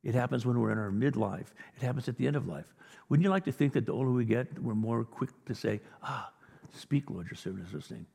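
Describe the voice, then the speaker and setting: A male pastor delivers a sermon in an earnest, conversational way, lifting into emphatic peaks. His voice is gravelly and a little husky. The sound rings with the long reverb of a large church hall. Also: mid-range voice, animated, fast talker, a little mellow. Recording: reverberant hall, audio recording.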